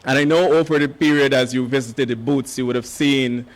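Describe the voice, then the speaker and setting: A hoarse man, an education official giving a measured ceremony speech with frequent pauses and "uh" fillers. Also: medium pitch, fairly even intonation. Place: conference hall.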